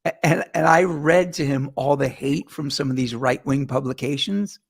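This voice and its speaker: A man from Long Island hosting a talk show, telling stories in an animated way and acting out what people said. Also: a little high, moderate pace, vocal fry. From Long Island, New York. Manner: animated storyteller, acts out quotes. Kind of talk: casual chat interview.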